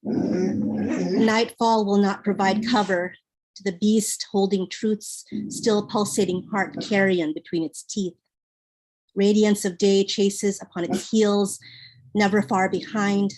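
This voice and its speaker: Woman reading poetry slowly and deliberately. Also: medium pitch, fairly even intonation, a little mellow, a little hiss or hum, poor audio. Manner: measured, deliberate delivery. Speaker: poet performer. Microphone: video call.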